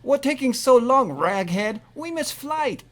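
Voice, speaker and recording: A man's voice: very high voice, lively intonation, a little slow, pitched above the performer's own voice. A man putting on a rude male immigrant cab driver in a comedy read-through, speaking broken English and barking insults.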